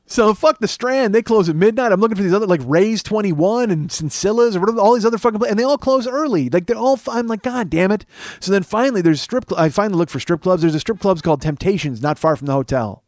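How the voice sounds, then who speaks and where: A man's voice: high voice, fast, dry recording, studio quality. A man hosting a podcast, telling a long profane story and acting out the people in it. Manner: animated, swearing, acts out quoted people. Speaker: comedian and podcast host.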